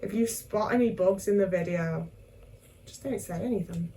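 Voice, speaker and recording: A woman's voice: mid-range voice, moderate pace, warm tone. Young woman rambling at home while cooking, kinda self-mocking, mic a bit far off, faint room hum. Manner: chatty and self-mocking, with constant tag questions. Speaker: vlogger. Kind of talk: casual cooking vlog chat.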